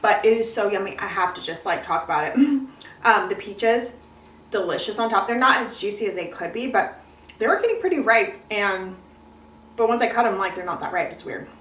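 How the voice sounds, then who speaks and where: A young woman vlogger with a mid-range, fairly bright voice chats casually and briskly in a cooking vlog, animatedly talking while she eats and walks through ingredients. Her echoey room is recorded with the mic at a distance.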